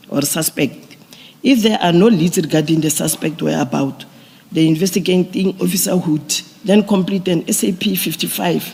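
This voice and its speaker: A man, a police general giving deliberate, procedural testimony at a formal hearing. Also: a little high, darkish tone, husky. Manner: deliberate, procedural, restarts phrases. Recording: long reverb of a large hearing room.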